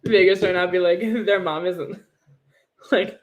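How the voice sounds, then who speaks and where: A woman's voice: fairly low pitch, steady tone, a little slow. A young woman co-hosting a livestream, chatting casually and sarcastically about hockey with frequent laughs. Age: young adult. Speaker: podcast co-host.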